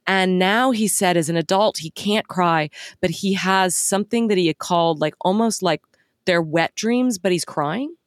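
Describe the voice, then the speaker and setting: A woman's voice: fairly low pitch, normal speed, dry recording, studio quality. A woman co-hosting a podcast, talking thoughtfully and sometimes searching for words. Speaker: podcast co-host. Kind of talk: casual chat.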